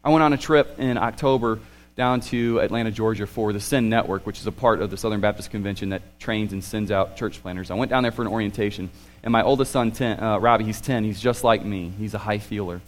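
A man in his thirties preaching a sermon, animated and swinging between excited and hushed. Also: on the low side, a little fast. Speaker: pastor.

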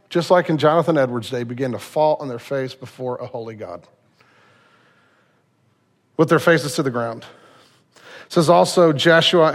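A man preaching a sermon to his church congregation in a conversational, self-deprecating way, joking with the listeners. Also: on the high side. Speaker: pastor. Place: church sanctuary.

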